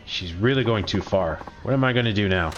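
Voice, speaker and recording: A man's voice: lowish voice, fairly quick, fairly bright tone, muffled recording, faint music behind. A man playing a video game, reading the driver's lines aloud and musing on his choices. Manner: reads dialogue aloud, musing commentary. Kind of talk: game playthrough, reading and commenting.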